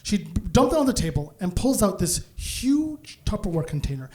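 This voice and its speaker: A man from Canada doing stand-up storytelling on a comedy club stage, animated and laughing through his punchlines. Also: sits high, normal speed.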